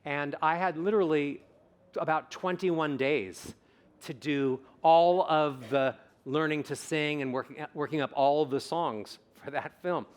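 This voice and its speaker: A man's voice: on the high side, unhurried. Upbeat male vocal coach on stage. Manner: animated, emphatic, repeats words for stress. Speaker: vocal coach and summit speaker. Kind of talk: conference talk with audience questions. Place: conference stage before a live audience.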